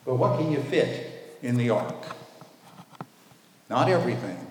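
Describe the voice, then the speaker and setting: A male preacher delivers an emphatic sermon, slowing down to stress the words that matter. His voice rings through a very echoey hall with a long reverb tail. A faint hum of background noise sits underneath. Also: medium pitch, sing-song. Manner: emphatic, drawing out key words slowly. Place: church with a responding congregation.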